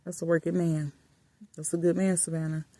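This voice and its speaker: A woman vlogger chatting casually and affectionately while lying in bed in a dark room, often dropping to soft murmurs. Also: lowish voice, level tone, fairly quick, dry recording. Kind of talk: casual chat.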